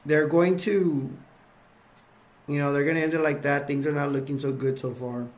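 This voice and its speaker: A man's voice: on the high side, flat delivery, normal speed. A man casually retelling movie scenes in a rambling way, acting out the characters' lines. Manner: rambling, acts out lines, lots of fillers. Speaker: video reviewer.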